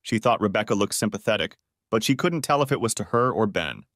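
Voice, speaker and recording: A man narrating a dramatic story audiobook in a steady, low storytelling manner. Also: a little fast, no room sound, clean studio sound.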